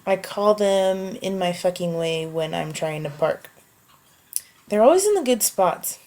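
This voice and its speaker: A woman making a casual voice post, answering questions wryly and reading a book passage slowly and evenly. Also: medium pitch, animated, warm tone. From United States. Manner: offhand and wry, reads prose slowly and evenly. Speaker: vlogger answering a question meme.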